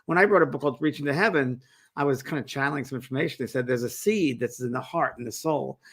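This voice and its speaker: A man co-hosting a talk show as a medium, chatting in a relaxed, agreeable way with loose, wandering sentences. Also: medium pitch, quick pace, slightly rough. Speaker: co-host, medium. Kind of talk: casual chat.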